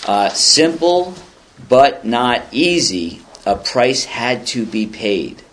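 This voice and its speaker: A man's voice: mid-range voice, animated, takes it slowly, fairly bright tone, a little hiss or hum. A man in his fifties, speaking at a recovery meeting in a meeting room. He reads passages aloud and comments on them in a rambling, conversational way with dry self-deprecating humor. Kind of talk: casual spoken share, reading passages aloud and commenting.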